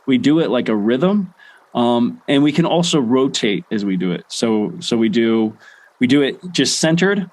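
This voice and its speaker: A young adult man guiding a laughter meditation session in a relaxed way, with many fillers and restarts. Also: mid-range voice, normal speed, noisy background. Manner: chanting rhythmic ho ho ha ha. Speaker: meditation guide.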